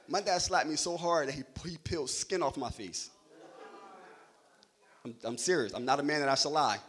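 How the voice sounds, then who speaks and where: A man's voice: fairly high pitch, a bit bright. A young adult man preaching a sermon in a loose, joking, conversational way, checking in with "right?" after nearly every point.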